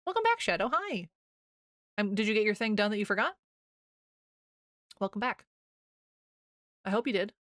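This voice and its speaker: Bright-voiced American woman chatting with her stream chat. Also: mid-range voice, steady tone, moderate pace, pauses often, no room sound, studio quality. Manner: chatty, rambling, laughs often, reads chat aloud. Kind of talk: casual chat with viewers.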